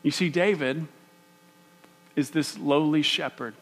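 A man preaching a sermon, animated and emphatic, often restarting his phrases. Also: on the high side, slow. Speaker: pastor.

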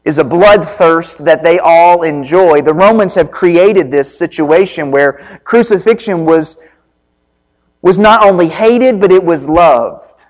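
A man preaching a sermon as pastor, reading scripture and speaking in a deliberate way with pauses. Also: fairly high pitch.

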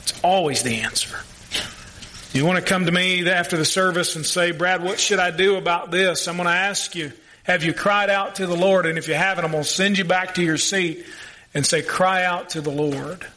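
A male pastor delivers a sermon to his congregation. His voice sits high and sounds bright. He talks earnestly and keeps putting questions to the listeners. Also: moderate pace.

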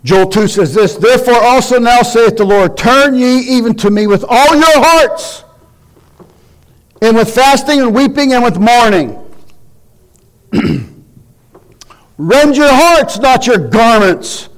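High-voiced man preaching a sermon. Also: animated, slow pace, pauses often. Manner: reads scripture then preaches with rising emphatic exhortation. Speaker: guest preacher. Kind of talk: sermon with scripture reading.

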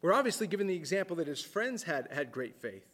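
A man preaching a sermon in an earnest way, repeating words as he thinks aloud and dropping his voice low for emphasis. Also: big pitch swings, fast, fairly bright tone, long reverb tail. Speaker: pastor.

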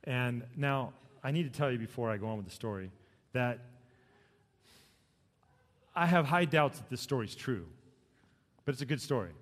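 A male pastor preaching a sermon, dramatic, swinging from loud emphatic peaks to soft low lines. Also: lively intonation, normal speed, long pauses, long reverb tail.

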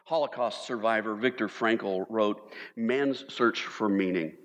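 A man preaching a sermon as pastor, animated, sometimes mimicking panicked voices for humor. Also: fairly low pitch, unhurried. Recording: long reverb of a large hall.

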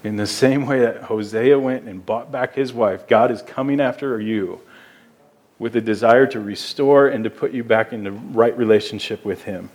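Man, pastor, sermon, earnest, emphatic, mid-pitched voice. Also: moderate pace, darkish tone. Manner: earnest, emphatic preaching with repeated words.

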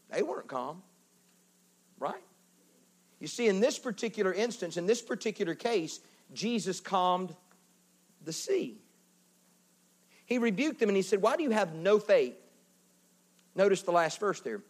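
A man with a strikingly high voice preaches a lively sermon. He swings between loud bursts and hushed asides, acting out other people's voices as he goes. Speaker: pastor.

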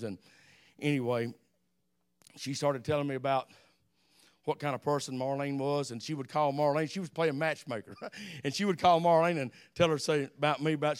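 A man's voice: mid-range voice, clean tone. An older man with an Alabama accent, preaching a folksy sermon, telling stories and dropping amens. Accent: Southern US, Alabama. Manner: folksy, repeats amen, animated storytelling.

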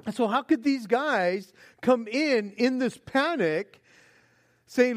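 A man's voice: extremely high pitch, slow. A male pastor preaching a sermon, acting out panicked pleas and laughing often between points. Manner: animated, acts out panicked pleas with frequent laughs.

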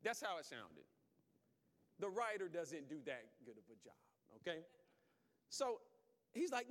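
A man's voice: a little high, big pitch swings, measured pace, long pauses, a bit bright, big-room sound. A man preaching a sermon in a conversational, emphatic way, calling out to his congregation.

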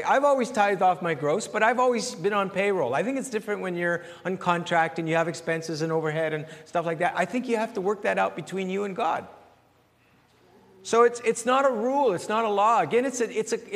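A man pastor giving a conversational sermon with questions and answers, animated and repeating phrases as he searches for words. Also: high voice, long reverb tail.

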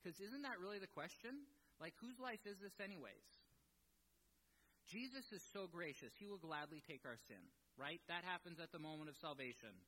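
A man delivering a sermon in a lively, animated way, with a bright, forceful voice. He tells his story with self-deprecating asides. His voice rings with the long reverb of a large hall. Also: a little high, normal speed. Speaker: preacher.

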